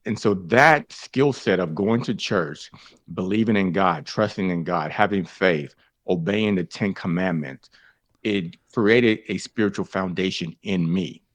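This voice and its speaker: As a guest, a man tells his faith story in an unhurried, animated way, calling listeners fellas and folks. He acts out the conversations he describes with big jumps in pitch, and the recording has no echo.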